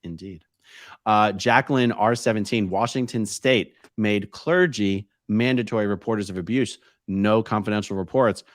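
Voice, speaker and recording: A man's voice: on the low side, moderate pace, no echo, studio quality. A man hosting a livestream, reading viewer comments aloud in an easygoing, casual way. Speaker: host reading live chat.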